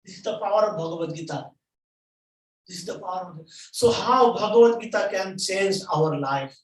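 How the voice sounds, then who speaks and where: Guy preaching at a temple, kinda high voice, repeats stuff a lot, roomy echo. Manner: repeats phrases, halting non-native English. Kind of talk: sermon storytelling. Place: temple hall. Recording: echoey hall, mic at a distance.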